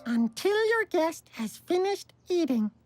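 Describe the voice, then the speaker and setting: A woman voicing a prim little cartoon mouse who patiently teaches manners, correcting gently and giggling. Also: extremely high pitch, sing-song, measured pace, exaggerated voice. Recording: cartoon soundtrack with music.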